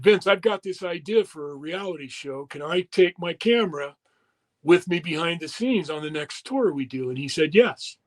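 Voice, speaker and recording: A middle-aged man, a former wrestler, candidly telling a story in an interview, swearing freely and acting out the quoted dialogue. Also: fairly high pitch. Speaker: retired wrestler guest.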